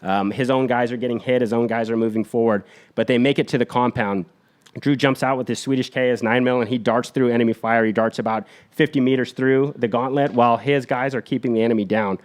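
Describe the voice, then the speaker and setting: A man on a podcast retelling a war story in an energetic, blunt, profane way. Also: mid-range voice, a little fast.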